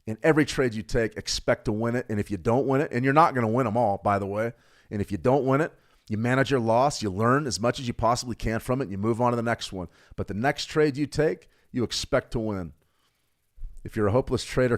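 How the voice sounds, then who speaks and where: A middle-aged man coaching traders in a live workshop, blunt and emphatic, repeating points for stress. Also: fairly low pitch. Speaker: trading coach.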